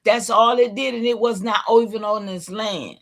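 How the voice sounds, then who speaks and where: A middle-aged woman hosting a livestream, talking in a preachy way and calling out to her viewers, with a tickle in her throat that makes her clear it often. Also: mid-range voice, steady tone, normal speed. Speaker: livestream host. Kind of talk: casual livestream talk.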